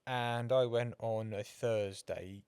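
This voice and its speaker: A man's voice: mid-range voice, fairly even intonation, takes it slowly, darkish tone, clean tone, dry recording, studio quality. A man, co-hosting a motorsport podcast in casual chat, telling rambling anecdotes and swearing freely. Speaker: podcast co-host.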